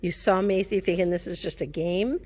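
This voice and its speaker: A woman's voice: on the low side, steady tone, moderate pace, darkish tone. Woman explaining dog training. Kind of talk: explaining to class. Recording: reverberant hall.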